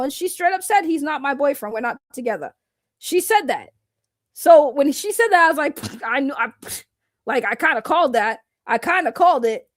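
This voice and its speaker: A woman's voice: extremely high pitch, no echo, clean studio sound. A woman streamer talking in a blunt, profane way and mocking others' words in heated casual talk.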